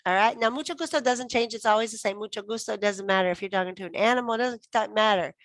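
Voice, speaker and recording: A woman teaching a casual Spanish lesson into her phone, repeating phrases slowly with sudden high bursts. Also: lively intonation, fairly bright tone, no room sound. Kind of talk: casual online language lesson.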